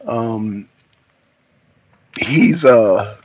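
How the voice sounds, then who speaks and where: A man's voice: fairly low pitch, animated, extremely slow, a little mellow, no echo, highs cut off. A man hosting a political talk show, chatting casually from home and his car in a loose, rambling, slangy way. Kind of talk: casual solo vlog commentary.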